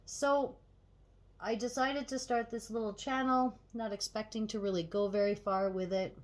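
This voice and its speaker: A woman chatting casually to viewers as she gets ready, swearing freely and getting animated when annoyed. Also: medium pitch, normal speed. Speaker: tarot reader and channel host. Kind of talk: casual get-ready-with-me chat.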